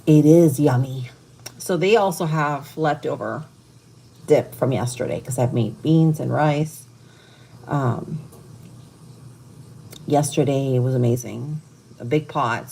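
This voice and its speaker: A woman with a deep, darkish, slightly breathy voice hosts a casual livestream from her home kitchen, talking with viewers while she cooks amid frying and sizzling.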